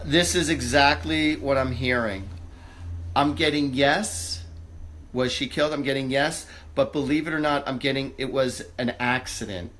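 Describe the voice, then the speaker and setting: A man hosting a live psychic reading, who talks in a halting, searching way with many fillers and restarts, then turns upbeat and reassuring. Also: mid-range voice, steady tone, fairly bright tone, a little hiss or hum. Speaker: psychic medium host.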